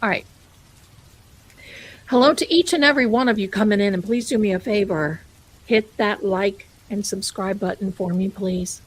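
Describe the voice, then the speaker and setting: A woman's voice: mid-range voice, moderate pace, husky, rough recording. A woman hosting a live stream, telling ghost stories in a chatty way and calling her viewers "my darling.". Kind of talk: casual live-stream storytelling.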